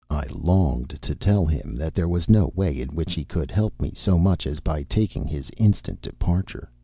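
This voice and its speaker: Male audiobook narrator, very low, gravelly and husky, expressive; slightly dull recording. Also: normal speed, few pauses, dry recording. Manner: expressive, melodramatic first-person reading. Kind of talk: storybook narration.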